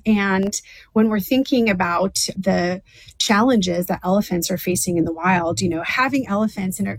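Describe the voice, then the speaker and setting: A woman's voice: mid-range voice, dry recording, low-quality recording. A woman zoo official answering interview questions enthusiastically, with frequent "uh" and "you know" fillers.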